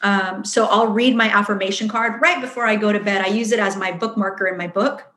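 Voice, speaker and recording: A woman leading a wellness workshop and answering questions in a chatty, earnest way. She acts out her inner voice as she speaks. Her voice sits at a middle pitch and rings in a roomy space. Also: fairly even intonation, a little fast, fairly bright tone. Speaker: workshop facilitator. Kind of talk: answering audience questions at a live event. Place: event room.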